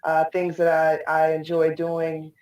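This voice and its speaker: A woman's voice: sits low, monotone, a little slow, darkish tone. A woman guest in a casual online interview, answering thoughtfully with many ums. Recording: echoey room, distant mic.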